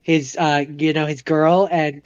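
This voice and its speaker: A man's voice: fairly high pitch, flat delivery, measured pace, smooth, no room sound, highs cut off. A man co-hosting a podcast, casually retelling a movie plot in a rambling way and acting out the characters' lines. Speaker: podcast co-host.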